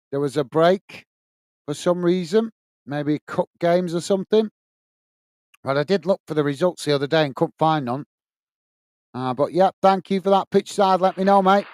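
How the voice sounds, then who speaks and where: Studio-quality audio with no room sound carries a middle-aged man's slightly high, somewhat mellow voice. He's running a live football watch-along, commentating on the match while reading and responding to viewer comments.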